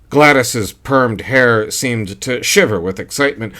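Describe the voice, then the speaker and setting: A man narrating a short story in a dry, steady storytelling manner. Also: mid-range voice, a little slow, hardly any pauses. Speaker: audiobook narrator. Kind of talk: scripted narration.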